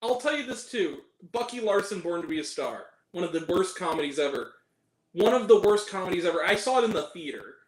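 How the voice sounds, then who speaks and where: Animated man with a lively voice. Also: fairly quick, echoey room, low-quality recording. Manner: animated, laughing, acts out quoted lines in high voices. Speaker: channel host. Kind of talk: casual chat about movies.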